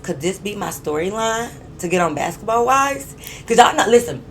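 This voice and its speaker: A young woman, telling a story to viewers in an animated, emphatic, profane way and laughing often. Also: medium pitch, normal speed, slight background noise. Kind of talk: casual storytime vlog.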